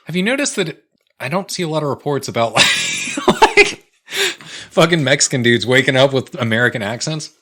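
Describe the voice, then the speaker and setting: A man's voice: mid-range voice, sing-song, normal speed, pushed and bright. A man co-hosting a podcast, joking and cursing in a casual chat over drinks. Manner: profane, joking. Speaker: podcast co-host.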